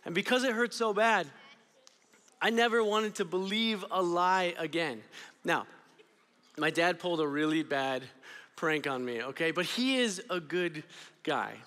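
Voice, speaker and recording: A young man giving an energetic, storytelling youth sermon. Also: high voice, measured pace, long pauses, big-room sound. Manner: energetic, storytelling, drops to quiet intensity. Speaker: student ministry speaker. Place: church auditorium.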